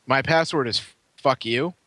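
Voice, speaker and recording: A man co-hosting a casual comedy podcast, telling stories with deadpan delivery and free swearing. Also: mid-range voice, unhurried, no echo. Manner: storytelling, deadpan, swears freely. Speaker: podcast co-host.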